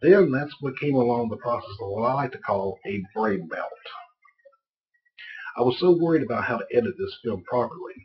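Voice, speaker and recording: A man's voice: medium pitch, animated, normal speed, slight background noise. A man narrating a homemade documentary about making his film, in a rambling, folksy way. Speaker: filmmaker narrating his production. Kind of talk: documentary voice-over. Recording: dull lo-fi audio.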